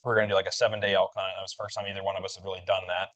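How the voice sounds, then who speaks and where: This male podcast host talks rapid-fire in a low voice with little pitch movement and a fairly bright tone. His casual story wanders, leans heavily on fillers, and acts out quoted dialogue over dull lo-fi sound.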